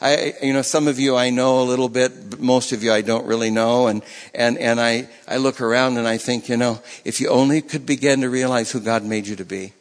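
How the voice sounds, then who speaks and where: A man's voice: mid-range voice, fairly even intonation, a little fast, few pauses, in a large hall. A man preaching a sermon in a conversational way, often repeating and restarting his phrases. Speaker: pastor.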